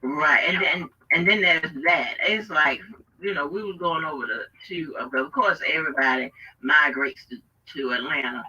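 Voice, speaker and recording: Guy rambling on a call into a stream, high voice, husky, sounds far off and muffled. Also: sharp tone. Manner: laughing, rambling, halting speech. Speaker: caller on a live stream. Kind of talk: casual chat. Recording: distant muffled call audio.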